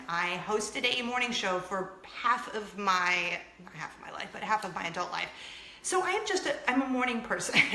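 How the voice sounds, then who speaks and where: Chatting to camera in her casual vlog, this thirtysomething host mocks herself, laughs a lot and imitates what people told her. The recording is reverberant with a little hiss or hum, and her mid-range voice has a sharp tone.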